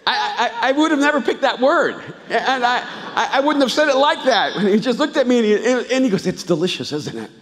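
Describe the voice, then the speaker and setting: A man preaching a sermon as a pastor, telling stories in an animated way that swings from hushed to loud. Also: extremely high pitch, fairly quick, hardly any pauses. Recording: live church hall reverb.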